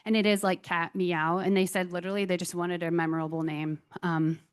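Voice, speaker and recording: A woman presenting a conference talk on software tools, chatty and enthusiastic with self-deprecating asides. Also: on the low side, level tone, a little fast, clear, resonant tone.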